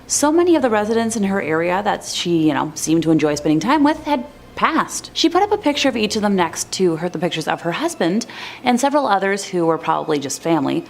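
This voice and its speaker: A woman's voice: medium pitch, very animated, fast talker, vocal fry, slight background noise. A woman narrating scary stories in a chatty, scripted way with wry asides.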